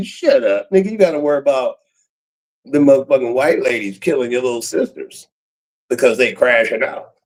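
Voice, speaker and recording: A man's voice: medium pitch, fairly quick, low-quality recording. A man YouTuber talking in a casual rambling monologue, full of street slang, chuckles and trailing fillers.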